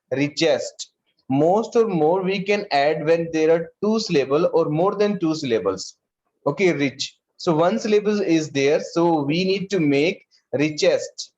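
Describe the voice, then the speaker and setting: A male school teacher with an Indian English accent who talks slowly, repeats words and calls on students by name. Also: on the high side, a little mellow, muffled recording. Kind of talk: online class lesson.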